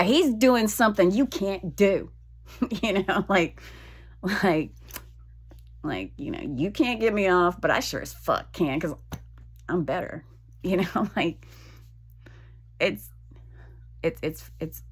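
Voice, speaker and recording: Slow-talking woman venting frankly. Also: on the low side, creaky, slightly rough. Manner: frank and profane, venting with halting restarts. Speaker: vlogger. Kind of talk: personal confessional vlog.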